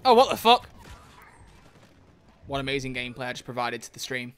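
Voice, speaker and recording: A young man streaming a video game live, excitable and swearing a lot as he comments. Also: medium pitch, a little fast, clear, resonant tone. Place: home gaming setup at a desk.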